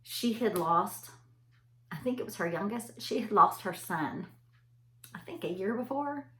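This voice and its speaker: A middle-aged woman who works as an anesthesia provider gives a casual motivational talk in an echoey room, chatting like a storyteller straight to her listeners. Her mid-range voice is expressive, unhurried and sharp in tone.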